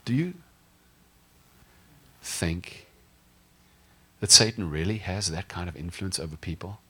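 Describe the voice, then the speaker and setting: Man preaching, pastor, chatty and humorous, questions to the congregation, low pitch, bright tone. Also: a little slow, breathy edge. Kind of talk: sermon.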